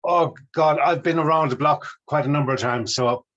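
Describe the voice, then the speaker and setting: A man's voice: on the high side, moderate pace, a bit bright. A middle-aged Irish man, a musician guest, telling stories about his career with enthusiasm. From Ireland. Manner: enthusiastic, storytelling. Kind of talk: casual interview chat. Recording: dull lo-fi audio.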